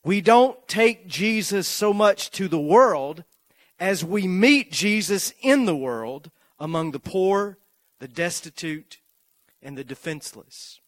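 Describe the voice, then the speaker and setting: A man preaching a sermon, moving from slow, measured lists to loud, rising repetition as he tells a story. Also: sits high, lively intonation, no echo.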